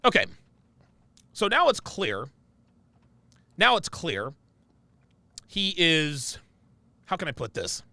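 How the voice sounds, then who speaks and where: A man's voice: on the high side, wildly swooping pitch, slow, gravelly, pauses often, pushed and bright, no echo. A man hosting reaction commentary who talks emphatically and keeps checking in with "right?" and "okay?". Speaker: commentary host.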